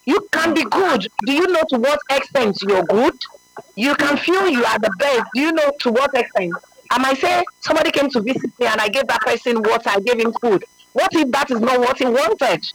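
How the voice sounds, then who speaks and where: High-voiced man teaching earnestly. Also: animated, a little fast, gravelly, fairly bright tone, breathy edge, low-quality recording. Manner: earnest, emphatic, often asks "you understand?". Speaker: religious speaker. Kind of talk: conversational religious teaching.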